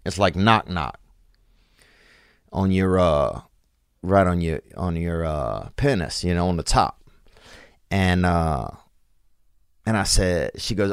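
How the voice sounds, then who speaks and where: A man hosting a show, telling a story in a meandering, halting way full of fillers and restarts. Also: low-pitched, animated, creaky, clean tone, no echo, studio quality. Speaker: podcast host. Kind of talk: rambling comic monologue.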